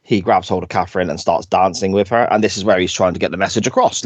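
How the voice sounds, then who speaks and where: A man's voice: low voice, quick pace, breathy edge, no room sound. A man, co-hosting a podcast and recapping an episode in a chatty, storytelling way. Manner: chatty storyteller, laughs often. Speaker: podcast co-host. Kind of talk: casual episode recap chat.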